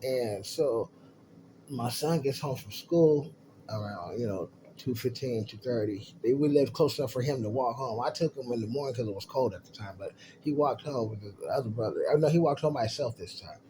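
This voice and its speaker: A middle-aged man spins a personal story in loose, cussing everyday talk, checking in with his listener as he goes. His voice sits at an ordinary pitch with a mellow, dark tone, and a faint noise hums underneath. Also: moderate pace, low-quality recording. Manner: laid-back, swears freely, frequent "you know what I mean". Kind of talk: casual profane storytelling.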